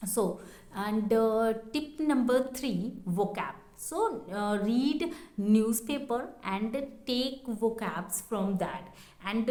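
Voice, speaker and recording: A woman's voice: mid-range voice, a little mellow, reverberant. A woman giving a casual spoken English lesson, hesitant, with many fillers and repeated phrases. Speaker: English teacher.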